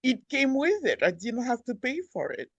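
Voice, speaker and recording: A woman's voice: on the high side, big pitch swings, normal speed, no room sound, muffled recording. A woman guest in a casual interview, explaining things earnestly in short, plain phrases.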